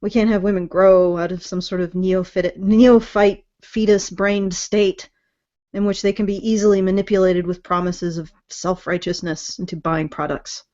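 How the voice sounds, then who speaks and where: A woman's voice: fairly low pitch, little pitch movement, moderate pace, dark tone, dull audio. A woman co-hosting a casual podcast chat, with pointed, sardonic remarks. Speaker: podcast co-host.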